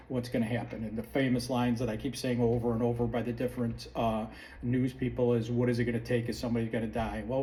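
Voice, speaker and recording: A man's voice: mid-range voice, darkish tone, a little hiss or hum. A man hosting a podcast, delivering a heated, sarcastic opinion monologue full of restarts. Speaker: podcast host. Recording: distant mic with faint room ambience.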